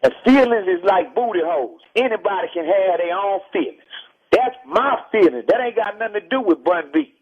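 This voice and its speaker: A man's voice: sits high, animated, fairly quick, husky. Blunt man on a muffled phone. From Texas. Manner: forceful, lecturing, blunt. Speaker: rapper interviewed by phone. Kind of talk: heated radio phone interview. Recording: muffled archival phone call.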